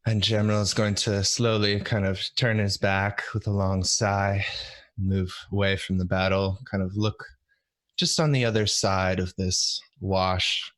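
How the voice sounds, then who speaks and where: A man playing a tabletop game, slowly narrating his character's actions. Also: sits low, little pitch movement, fairly bright tone, no echo. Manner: slow, measured narration. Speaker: player.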